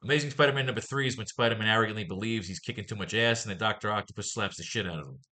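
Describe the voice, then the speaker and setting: A man teaching a casual online comic-writing lesson, cursing freely and thinking out loud with enthusiasm. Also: lowish voice, rapid-fire.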